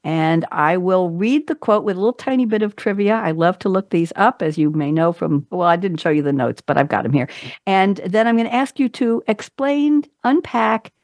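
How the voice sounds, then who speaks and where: A woman's voice: medium pitch, normal speed, dry recording. Chatty woman hosting a talk show. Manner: chatty, animated, playful asides. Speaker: podcast host. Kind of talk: casual interview talk show.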